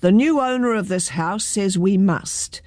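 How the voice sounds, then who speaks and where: A woman's voice: medium pitch, unhurried, darkish tone, dry recording, clean studio sound, lightly acted. A woman voicing a pair of blunt workmen in a storybook, speaking matter-of-fact. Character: two gruff workmen with saws.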